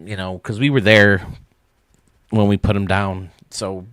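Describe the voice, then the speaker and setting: A man's voice: lowish voice, fairly even intonation, a little slow, a bit bright, smooth, dry recording, clean studio sound. A man hosting a casual gaming stream, rambling and thinking aloud as he works, with frequent laughs. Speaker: streamer and game designer host.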